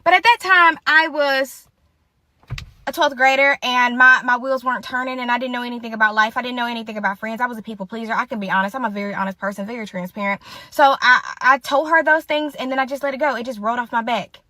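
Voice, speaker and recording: Fast-talking bright woman telling a story. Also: a little high, no echo. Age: late 20s. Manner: chatty, talks straight to viewers. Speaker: storytime host. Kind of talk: casual storytime monologue.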